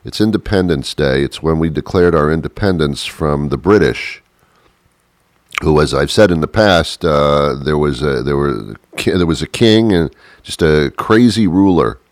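A deep-voiced man talks through a loose, comic monologue, laughing at his own asides and breaking into exaggerated voices. His low voice sits close to the mic with a dry, dead sound and no room around it. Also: measured pace, no room sound. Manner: chuckling, self-interrupting, animated impressions.

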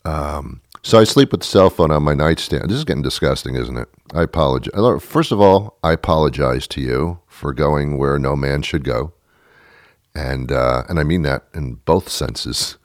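A man telling a ranting comic story, mocking himself and swinging from loud outbursts to mutters. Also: very deep voice, moderate pace, dry recording, studio quality. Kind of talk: comedic storytelling monologue.

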